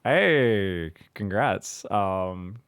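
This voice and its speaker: A man's voice: fairly low pitch, lively intonation, drawn-out words, fairly bright tone, clean tone. A man who coaches a strategy game over a voice call, talking casually, laughing often and swearing now and then. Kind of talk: casual coaching chat on stream.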